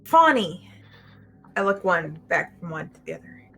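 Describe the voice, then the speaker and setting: A woman's voice: low-pitched, steady tone, fairly quick, vocal fry, a bit bright, breathy edge, soft background music. A woman player in a tabletop game, speaking her character's lines earnestly, at times pleading. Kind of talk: in-character tabletop role-play.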